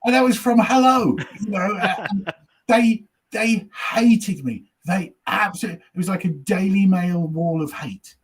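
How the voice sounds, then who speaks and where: His voice is high-pitched and husky, his pace measured: a comedian guest telling anecdotes in casual chat. He's a chatty storyteller who swears without restraint and acts out what people in the audience and elsewhere said.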